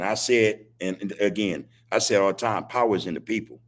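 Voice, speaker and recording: Husky man preaching on a live podcast. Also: lowish voice, moderate pace, hardly any pauses. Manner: preachy, repetitive street talk, laughs as he speaks. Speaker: podcast host. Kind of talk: live-stream podcast monologue.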